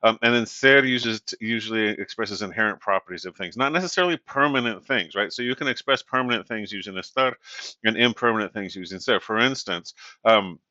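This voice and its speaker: A man's voice: fairly low pitch, a little fast, no echo. Male Spanish instructor, casual lecture delivery, lo-fi dry recording. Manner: relaxed and conversational, many fillers and "right?" tag questions. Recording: dull, dry lo-fi audio.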